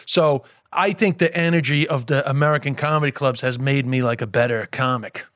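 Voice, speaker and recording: A man's voice: medium pitch, a little fast, no echo, clean studio sound. A middle-aged man with a mixed New York and Irish accent, a comedian chatting on a podcast, swearing freely and laughing as he tells stories. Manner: animated storyteller, swears freely, laughs while talking. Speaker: comedian guest. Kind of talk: casual podcast chat.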